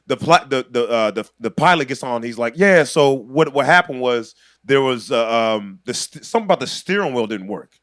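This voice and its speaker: Male comedian, 30s, podcast guest, animated storyteller who acts out the voices in his tale, slightly higher pitch. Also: no echo. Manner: acts out other people's voices, laughs through the story.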